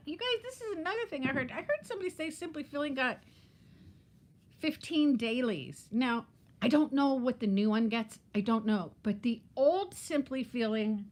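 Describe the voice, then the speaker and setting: A woman in her fifties chatting casually on a live stream, laughing often and greeting viewers by name. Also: on the high side. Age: 50s. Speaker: vlogger hosting a live chat.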